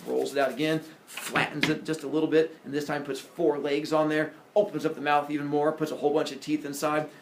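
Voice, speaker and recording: A male teacher retelling a myth to his class in an animated, jokey way that teases the students. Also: fairly high pitch, brisk, hardly any pauses. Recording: echoey classroom.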